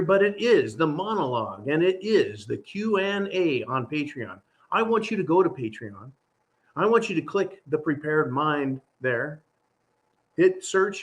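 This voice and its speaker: A man's voice: fairly high pitch, a bit bright. A man hosting his own channel, talking through a casual, rambling monologue in an exasperated, sarcastic way. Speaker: channel host.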